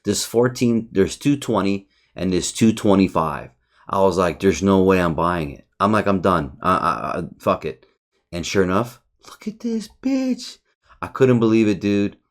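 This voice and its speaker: A man's voice: deep voice, normal speed. A young man hosting a trading channel, reviewing his trades in a frustrated, rambling, profane way. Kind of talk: casual market review over charts.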